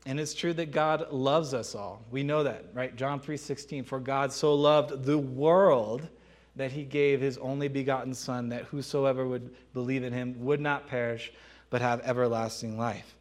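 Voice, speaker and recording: A man's voice: mid-range voice, steady tone, moderate pace. Emphatic preacher man asking rhetorical questions. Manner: emphatic, rhetorical questions, laughs between points. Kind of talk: sermon.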